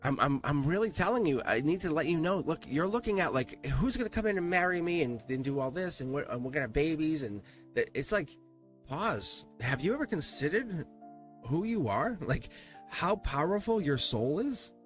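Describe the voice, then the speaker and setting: A man's voice: a little high, big pitch swings, normal speed, soft background music. A man hosting a live-streamed tarot reading, speaking earnestly and emphatically and repeating himself for emphasis. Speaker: tarot reader.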